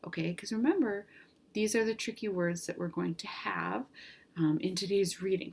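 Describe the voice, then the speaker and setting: A woman teacher giving an online reading lesson, reading out vocabulary words slowly and prompting children at home to repeat them. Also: on the low side. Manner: slow, clear word drills with prompts.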